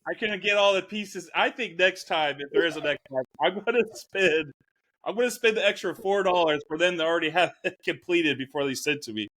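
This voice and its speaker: A man's voice: a little high, brisk, a bit bright. A man co-hosting a casual sports chat show, easygoing and rambling, with some swearing. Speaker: podcast co-host. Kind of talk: casual chat while drinking.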